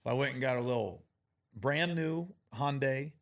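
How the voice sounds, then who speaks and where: A man's voice: moderate pace, no echo, studio quality. A middle-aged man in casual chat, telling stories and acting out what people said, often breaking into laughter. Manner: storytelling, acts out quotes with rising pitch and laughter.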